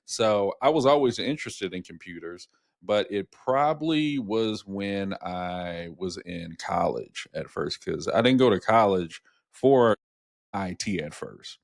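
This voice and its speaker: A man's voice: deep voice, expressive, a little slow, gravelly, no echo, clean studio sound. A middle-aged man co-hosting a casual podcast conversation, rambling through stories with repeated words and lots of "you know". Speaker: podcast co-host.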